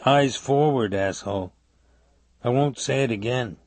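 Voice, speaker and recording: A man's voice: mid-range voice, a little slow, a little mellow, dry recording. A man voicing a cruel, taunting male mob thug who talks in a crude, menacing way. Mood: threatening.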